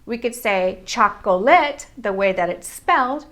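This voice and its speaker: An American woman teaching English pronunciation, slowly modeling and repeating example words. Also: medium pitch, lively intonation, a bit bright. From United States.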